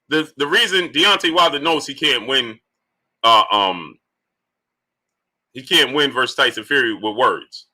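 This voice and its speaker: A man hosting a live stream, giving boxing commentary in lively bursts and greeting viewers by name from the chat. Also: medium pitch. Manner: animated, greets viewers by name between points. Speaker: livestream host.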